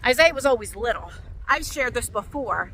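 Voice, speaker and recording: A woman in her forties chatting casually to her phone while walking around a lake park, rambling and animated as she tells stories. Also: a little high, normal speed, slight background noise, low-quality recording. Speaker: vlogger.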